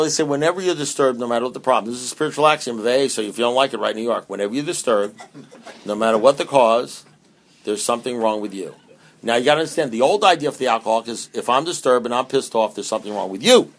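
A man's voice: mid-range voice, fairly bright tone. A man giving a humorous, emphatic talk at a recovery meeting, with many restarts and repeated phrases. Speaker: AA speaker.

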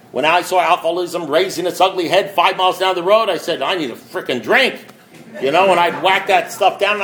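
A man's voice: fairly high pitch, a bit bright. A man speaking at a recovery meeting, telling his story with wry, self-mocking humor and emphatic, repeated build-ups. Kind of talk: storytelling talk.

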